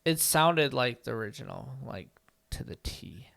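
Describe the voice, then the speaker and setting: Gravelly-voiced man in casual chat. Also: mid-range voice, lively intonation, unhurried, a bit bright. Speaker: podcast co-host.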